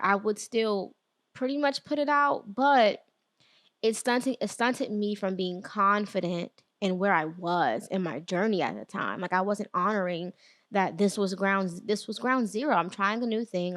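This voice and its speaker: A woman's voice: medium pitch, fairly bright tone, dry recording. Woman podcast host, earnest and conversational, talking alone close to a dry mic. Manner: earnest, conversational, faith-inflected encouragement; frequent fillers and restarts, quick bursts then slow emphasis. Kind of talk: solo motivational podcast talk.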